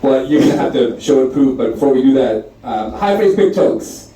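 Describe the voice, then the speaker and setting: A man hosting a live podcast, running quick questions with upbeat, joking banter. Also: mid-range voice, expressive, dark tone. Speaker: podcast host. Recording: very echoey room, mic far off.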